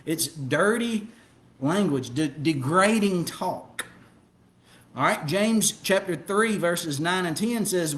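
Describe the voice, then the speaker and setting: A man with a Southern American accent from the American South, teaching the Bible in a folksy, storytelling way with frequent "okay?" check-ins. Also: high voice. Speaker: preacher.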